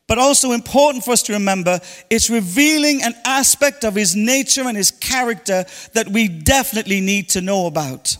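A man's voice: extremely high pitch, a bit bright, long reverb tail. A man preaching a sermon as pastor, speaking to the congregation and joking with them. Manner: playful, teasing banter with congregation. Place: church hall.

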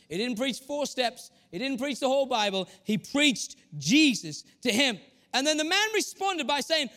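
A man's voice: very high-pitched, bright, forceful tone. A man preaching a sermon, telling stories from his own life and changing his pace often. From Northeast England.

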